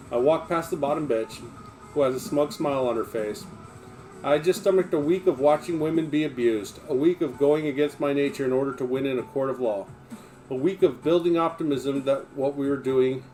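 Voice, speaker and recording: A man's voice: medium pitch, dark tone. A man reading a memoir aloud on a livestream, in an emphatic, blunt manner with plenty of swearing.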